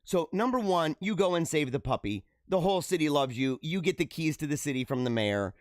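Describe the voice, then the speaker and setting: A man's voice: a little high, lively intonation, a little fast, dry recording, studio quality. A man hosting a podcast, giving casual and slangy commentary on news stories and laughing often. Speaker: podcast host.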